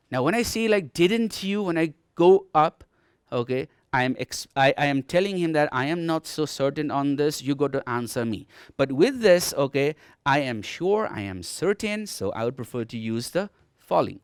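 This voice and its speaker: Nepali-accented male English teacher, TV lesson delivery, animated pitch, says "okay" a lot, dry close mic. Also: no echo. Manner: explanatory, repeats "okay" often, demonstrates rising and falling tones. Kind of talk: televised distance-learning lesson. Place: TV studio.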